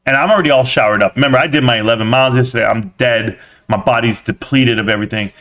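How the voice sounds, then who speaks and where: A man hosts a live stream in a loose, chatty way, spinning stories for his viewers with slang and blunt asides. His voice sits at an ordinary middle pitch and talks straight into a desk mic. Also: quick pace, fairly bright tone. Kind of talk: casual live stream chat.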